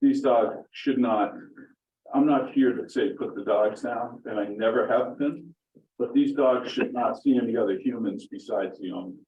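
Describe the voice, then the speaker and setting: A man's voice: mid-range voice, normal speed, highs cut off, a little hiss or hum. A middle-aged man giving public comment at a town board meeting, talking emphatically and with indignation, and repeating his points for stress. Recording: roomy distant meeting-room audio.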